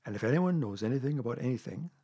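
An earnest, good-natured teddy bear, voiced by a man reading a storybook. His voice is husky and plain, and he sounds eager to help. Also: medium pitch, lively intonation, very fast, dark tone, dull audio. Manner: earnest and helpful. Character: kindly, simple male teddy bear.

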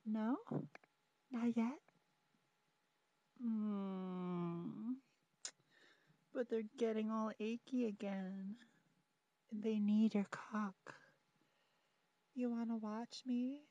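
A young woman speaks very slowly and softly, teasing and pleading as she talks straight to the listener in an intimate audio role-play. Her voice sits at a middle pitch. The recording is close and dry, with a slightly dull, muffled sound. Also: fairly even intonation, no room sound. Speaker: audio performer.

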